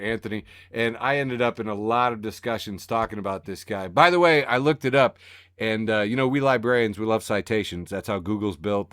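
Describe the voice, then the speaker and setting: A man co-hosting a casual podcast, sarcastic and animated, often breaking into laughter. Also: mid-range voice, no room sound. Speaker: podcast co-host reading the news. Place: home studio on a video call.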